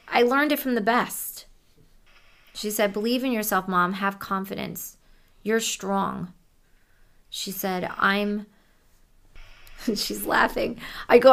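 A woman working as a psychic medium, softly relaying messages during a reading in a casual, conversational way. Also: mid-range voice, creaky.

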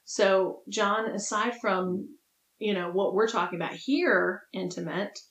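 A woman's voice: medium pitch, a little slow, fairly bright tone, roomy sound, poor audio. A woman co-hosting a podcast in casual chat, playful and teasing, laughing often. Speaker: podcast co-host.

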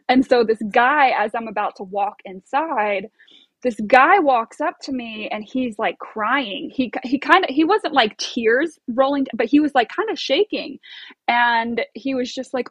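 A woman's voice: fairly high pitch, a little slow, a bit bright, no room sound. A woman telling a story as an interview guest, bubbly and chatty with many fillers and laughs. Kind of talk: casual storytelling.

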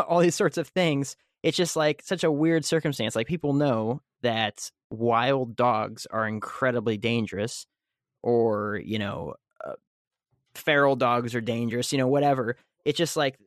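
A man's voice: mid-range voice, unhurried, no room sound, studio quality. A man with an American accent chatting casually, rambling with lots of fillers. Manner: rambling, filler-heavy, laughing often. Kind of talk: casual podcast chat.

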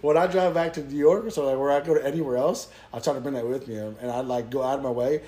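A young man with a Southern US accent, telling stories in a casual podcast chat and acting out the people in them. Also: mid-range voice. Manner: fast-talking storyteller, animated quoting. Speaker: podcast guest.

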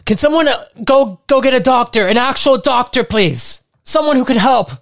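A man voicing a frantic male officer who yells and pleads for help while patching up a wounded comrade. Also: animated, normal speed. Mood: desperate. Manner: pleading, yelling, high-pitched.

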